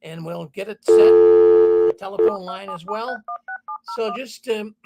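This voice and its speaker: A man's voice: high voice, takes it slowly, creaky, highs cut off, heavy background noise. A man hosting a call-in show, rambling and repeating himself. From Boston. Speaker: host.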